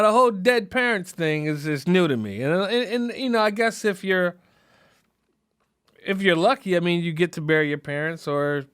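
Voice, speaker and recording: A man's voice: high-pitched, a bit bright, smooth, dry recording, studio quality. A man hosting a podcast, talking in a rambling, reflective way with many fillers. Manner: rambling, frequent fillers, laughs through grief. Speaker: podcast host. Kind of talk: casual reflective monologue.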